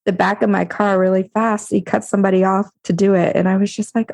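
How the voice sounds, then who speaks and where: Woman, podcast guest, chatty storyteller, gravelly fry, mellow dark tone. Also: medium pitch, level tone, quick pace, hardly any pauses. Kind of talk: casual chat.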